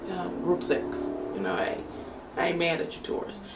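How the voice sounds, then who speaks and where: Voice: mid-range voice, big pitch swings, moderate pace, over music. A tarot reader giving a chatty, playful live-stream reading, with teasing asides to viewers. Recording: echoey room, distant from mic, faint noise.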